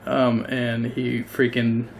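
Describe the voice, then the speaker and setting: A man's voice: mid-range voice, completely flat delivery, slow, creaky, a little hiss or hum. A man narrating a tabletop game as game master, casual and hesitant with many fillers.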